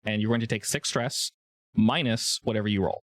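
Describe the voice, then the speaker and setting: A man's voice: fairly low pitch, a little fast, fairly bright tone, dry recording. A man running a tabletop role-playing game as game master, explaining rules casually with fillers.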